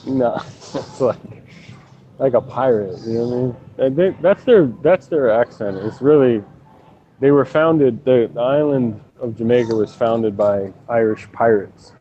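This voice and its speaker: A man's voice: mid-range voice, a little slow, mellow, highs cut off, a little hiss or hum. A man in casual gaming voice chat, rambling and joking with plenty of swearing. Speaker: gaming lobby regular.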